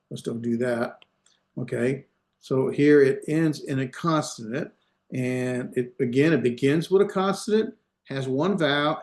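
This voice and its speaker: A man's voice: mid-range voice, a little mellow, reverberant. A man teaching an online class, explaining step by step with patient repetition and many fillers, heard over a video call. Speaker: Hebrew instructor.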